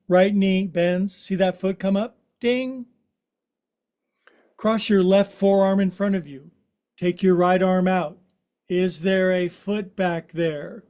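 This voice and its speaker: This yoga teacher, a man in his sixties, jokes and chats playfully while guiding his class through instructions. His voice is high-pitched and a little mellow.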